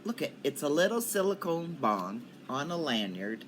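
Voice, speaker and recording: A woman's voice: low voice, big pitch swings, moderate pace, a little hiss or hum. An older woman chatting casually to her viewers in a rambling way, coughing often. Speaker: cannabis vlogger. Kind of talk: casual chat to camera. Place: at home in Colorado.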